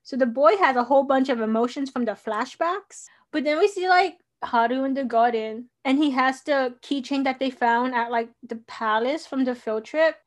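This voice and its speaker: A woman's voice: sits high, moderate pace, few pauses. A young woman co-host chatting casually, telling the story with lots of fillers. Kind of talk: casual chat recapping a TV drama.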